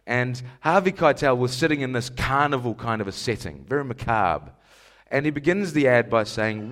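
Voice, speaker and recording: A man's voice: mid-range voice, expressive, moderate pace, fairly bright tone. New man posing rhetorical questions. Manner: rhetorical questions, repeats key phrases for emphasis. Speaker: speaker. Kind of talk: reflective address to an audience.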